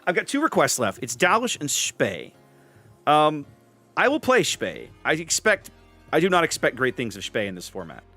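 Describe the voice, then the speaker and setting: A man hosting a casual gaming stream, chatting to his viewers and answering their comments as he plays. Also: mid-range voice. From US Gulf Coast. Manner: chatty, animated, reads chat names aloud. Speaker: streamer host.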